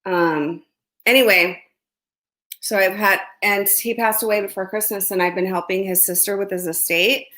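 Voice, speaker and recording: Her voice mid-range, pushed and bright, with fairly even intonation at a normal speed, a woman hosts a casual livestream on her phone. She reads viewer comments and gossips over breakfast in her home, which is under construction.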